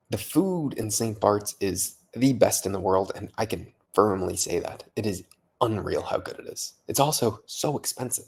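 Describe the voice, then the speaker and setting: A man's voice: on the low side, lively intonation, moderate pace, a little mellow. Tipsy man rambling in amazement. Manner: rambling, swears, repeats himself in amazement. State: a little tipsy from vodka. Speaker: vlogger. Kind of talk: casual late-night vlog monologue.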